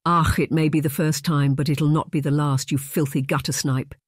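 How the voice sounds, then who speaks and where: A man's voice: a little high, little pitch movement, moderate pace, husky, no echo. A bad-tempered laird barks and rages in a harsh voice, as a male audiobook narrator puts him on. The read is close and dry, with no room around it. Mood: angry. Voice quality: harsh, raging. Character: blustering Scottish laird, middle-aged man, bad-tempered.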